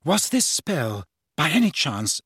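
A man's voice: a little high, sing-song, measured pace, a bit bright, husky, no echo, studio quality, full character voice. A man voicing a clever, disapproving teenage schoolgirl witch in an audiobook, reproachful and stern.

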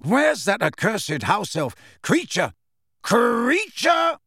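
A man reading aloud, voicing a boisterous, hearty grown man who speaks loudly. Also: sits high, huge pitch swings, a little slow, slightly rough, no echo, studio quality, pitched above the performer's own voice, full character voice. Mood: loud, joyful. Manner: loud and hearty.

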